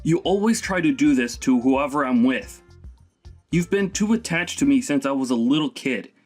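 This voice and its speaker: Brief: man as a stern young son, indignant, mid-pitched. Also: lively intonation, normal speed, a little mellow, soft background music, natural voice. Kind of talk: animated story voice acting.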